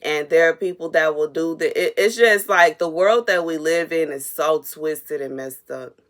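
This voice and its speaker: A woman's voice: deep voice, normal speed. Earnest woman giving a prophetic message. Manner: earnest, repetitive, emotionally stirred. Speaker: prophetic minister. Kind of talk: spontaneous prophetic message to viewers.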